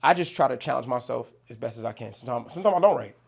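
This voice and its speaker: A young New Jersey man, a rapper guesting on an interview, talks casually in a mid-range, gravelly voice. His delivery is expressive and rapid-fire, loose and slangy, full of swearing and constant "you know what I'm saying."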